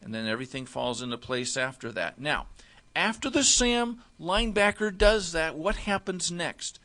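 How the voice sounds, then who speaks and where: A man teaching football defensive alignment step by step, often pausing to check with "okay?". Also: on the high side, lively intonation, pushed and bright. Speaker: football coach. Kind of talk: instructional walkthrough.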